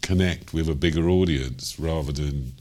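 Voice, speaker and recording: An older man from London, England, with a Cockney accent talks at a moderate pace in an extremely low, darkish voice. As a jazz singer telling interview stories about his life, he rambles, chuckles, and leans on ums and you-knows.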